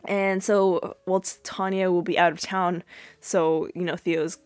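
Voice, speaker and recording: A young woman hosts a podcast and chats her way through an episode recap in a loose, wandering style. Her voice sits a touch low. The recording is close and dry, with no room sound. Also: flat delivery, a little slow, dry recording, soft background music. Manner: chatty and rambling, full of fillers and asides. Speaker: podcast host.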